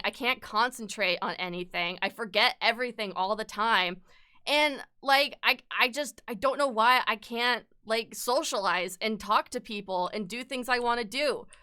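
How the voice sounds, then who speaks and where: A woman's voice: fairly high pitch, sharp tone, clear, resonant tone. A young woman streaming live, chatting casually and candidly, swearing freely and sounding upset at times. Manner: upset, close to tears at times.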